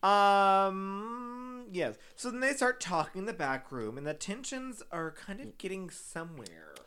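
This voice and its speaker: A man's voice: sits high, lively intonation, measured pace, pushed and bright, smooth. A man from Texas casually chatting and recapping a TV show with a co-host, swearing freely. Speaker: podcast co-host.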